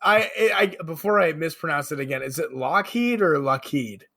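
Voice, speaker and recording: Male player, gravelly and high-ish, quick and apologetic. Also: sharp tone, recorded from a distance. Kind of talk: casual tabletop role-play.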